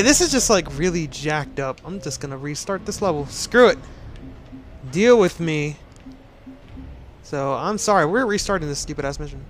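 A man's voice: a little high, fairly bright tone. A man giving casual game commentary, sarcastically ranting at a glitchy game. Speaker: gaming commentator.

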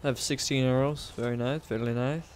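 A goofy young man giving excitable, jokey commentary while he plays a video game. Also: medium pitch, fairly quick, slight background noise. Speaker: gamer, video host. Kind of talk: casual let's-play commentary.

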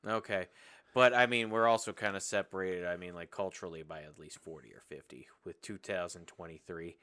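A man's voice: low voice, steady tone, brisk, pushed and bright. A young man from the American South, co-hosting a movie podcast in a jokey way, swearing and acting out lines. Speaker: podcast co-host. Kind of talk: casual movie chat.

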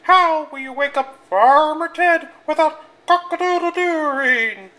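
A reader voicing a flock of sympathetic hens, very high, loud and drawn-out, with clucks. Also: exaggerated voice. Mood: fussing sympathetic.

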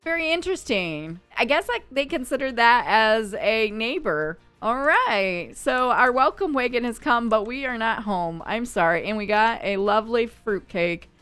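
A woman giving casual commentary on her life-simulation game, chatty and quick to voice her characters' thoughts. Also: on the high side, lively intonation, fairly bright tone, smooth, no room sound. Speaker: gaming YouTuber.

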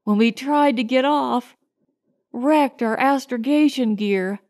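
A woman's voice: sits high, slow, darkish tone. A woman narrator voicing a desperate, exhausted stranded woman who pleads weakly and gasps. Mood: pleading. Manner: weak, gasping pleading.

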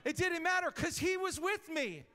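A man preaching a sermon as pastor, talking casually and rising to shouted emphasis, recorded live in a church. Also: extremely high pitch, expressive, normal speed. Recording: live church hall reverb.

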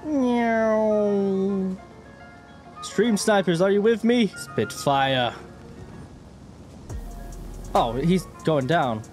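A young man livestreams a combat flight game in a high, bouncy voice that leaps around in pitch. He jokes with viewers and moves quickly from mock calm to frantic yelling. Faint game music runs softly behind him. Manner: animated, jokey, quick swings between mock calm and yelling. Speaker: gaming streamer. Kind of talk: live gameplay commentary.

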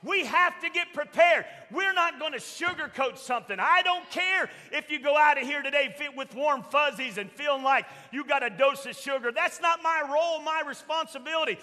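High, bright-voiced preaching man in a reverberant church. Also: moderate pace, few pauses. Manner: emphatic preaching, swings from loud shouts to soft quoted asides. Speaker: pastor. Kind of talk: sermon. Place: church sanctuary.

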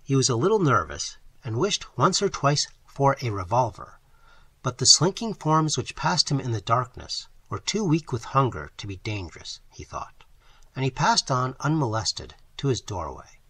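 A man reads a novel aloud with an expressive, dramatic delivery. His pitch moves lively through each sentence, and his voice has a husky grain. The sound is dry and close to the mic. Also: moderate pace, no room sound. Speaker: audiobook reader. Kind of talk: audiobook narration.

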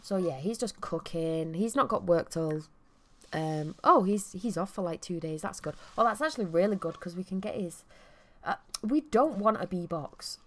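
A woman's voice: on the low side, expressive, moderate pace. A woman with a Mancunian accent giving chatty, rambling gameplay commentary with self-deprecating asides. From Manchester, England. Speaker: let's play commentator.

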